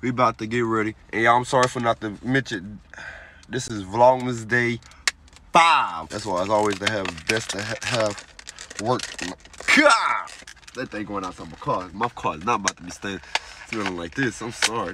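A young man hosting a casual vlog, talking to his viewers in an excited, slangy way from his car. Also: lowish voice, brisk, background noise. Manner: hyped, slangy, addresses viewers as y'all. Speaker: vlogger host. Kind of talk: casual vlog talk to camera. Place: in a parked car.

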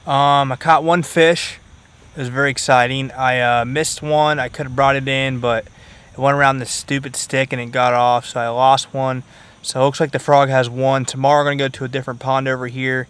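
A man's voice: mid-range voice, fairly bright tone, clean tone. A man vlogging his fishing by a pond outdoors, talking casually to viewers in an easygoing, chatty way with plenty of ums and uhs. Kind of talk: casual vlog talk to viewers.

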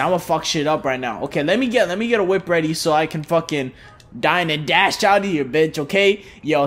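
A young man commenting on his own gameplay in loose slang, excitable and swearing constantly. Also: fairly high pitch. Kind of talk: casual let's-play commentary.

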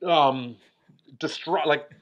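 Brief: high-voiced middle-aged Canadian man, energetic podcast guest acting out his stories, muffled lo-fi sound. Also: takes it slowly, slight background noise. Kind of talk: excited storytelling.

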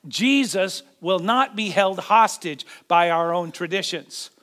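A man preaching a sermon as pastor, dramatic, acting out the voices in the scripture with big swings in pitch and loudness. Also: takes it slowly.

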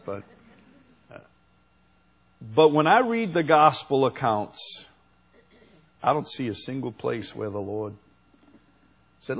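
A man preaching a sermon as pastor, slow and unhurried, rising to emphatic peaks. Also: mid-range voice, lively intonation, husky.

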